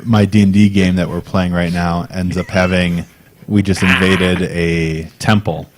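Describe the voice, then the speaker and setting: A man's voice: low voice, level tone, measured pace, background noise. A man co-hosting a podcast, chatting casually in a rambling, hesitant way with fillers. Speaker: podcast co-host. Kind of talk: casual chat.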